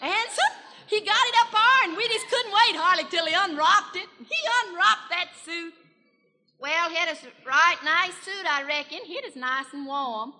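A woman's voice: extremely high pitch, moderate pace, bright, forceful tone, slight background noise, full character voice. A woman playing a chatty small-town country gossip gal in a 1940s radio comedy monologue, with a rural Southern accent and a folksy, gushing manner. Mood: gossipy. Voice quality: folksy, gushing, breathless storytelling. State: has a cold. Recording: reverberant 1940s radio broadcast from a hall.

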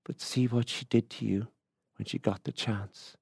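A man's voice: mid-range voice, steady tone, moderate pace, creaky, a little mellow, husky, no echo, studio quality. A man reading aloud, voicing an impatient middle-aged country woman who speaks sharply and pleadingly.

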